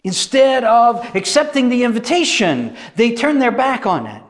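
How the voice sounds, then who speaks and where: A male preacher giving a sermon, animated and emphatic, repeating phrases for effect. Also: very high voice, moderate pace.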